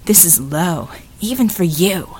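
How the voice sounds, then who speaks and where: A woman voicing a tough, sharp-tongued retired female cat burglar, biting and hostile. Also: on the low side, lively intonation, measured pace, slightly rough. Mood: menacing.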